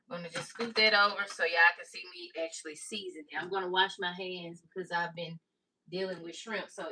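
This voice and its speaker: Lady cooking in her kitchen, chatty, calls everyone baby, bright voice, kinda far from the mic. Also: medium pitch. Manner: chatty, folksy, talks straight to viewers with "y'all" and "baby". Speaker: cooking vlogger. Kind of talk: casual cooking tutorial. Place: home kitchen. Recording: slightly distant mic with faint noise.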